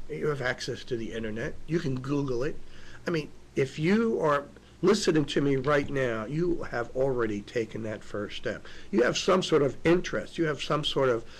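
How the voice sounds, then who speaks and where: A man hosting a web show, delivering an inspirational spiritual monologue that swings from hushed reflection to raised, emotional appeals. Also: medium pitch, slightly rough. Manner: emotional, apologetic.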